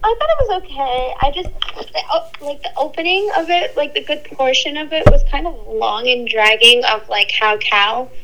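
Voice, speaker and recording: Woman guest on the phone, high voice, halting and hesitant, faint line noise. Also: animated. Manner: hesitant, halting, many likes. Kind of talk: casual chat.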